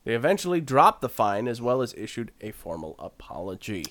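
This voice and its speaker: Bantering man with a lively voice. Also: mid-range voice, brisk. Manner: banter with sudden loud mock voices. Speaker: podcast co-host. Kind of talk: casual chat.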